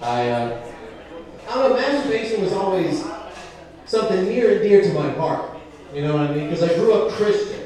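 A man's voice: high voice, sing-song, normal speed, pauses often, darkish tone. A young man doing a rambling, profane stand-up comedy set with frequent asides. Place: comedy club stage. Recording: echoey club from a distance.

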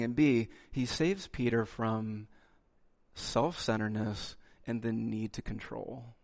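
Preaching in a mid-range voice, a male pastor keeps his sermon lively, acting out the quotations he reads and dropping in asides of "okay."

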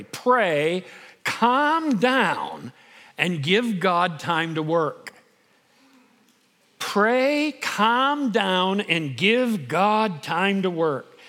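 A middle-aged man preaching a sermon as pastor, emphatic and building to loud peaks. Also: high-pitched, long reverb tail.

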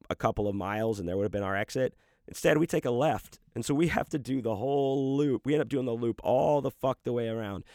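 A man's voice: fairly low pitch, a little mellow, no echo, studio quality. A man casually telling a personal story, rambling and swearing freely with lots of fillers. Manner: profane, rambling, full of fillers.

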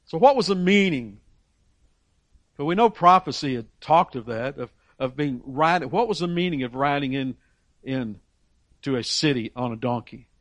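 A man's voice: on the high side, expressive, moderate pace, fairly bright tone, no echo. A man preaching a sermon, emphatic, reading scripture aloud and briefly acting out the voices of people in the story. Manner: emphatic, voices characters in Bible stories.

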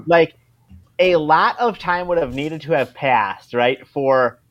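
A man co-hosting a podcast, rambling through his points in casual movie talk with many pauses and restarts. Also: on the high side, lo-fi sound.

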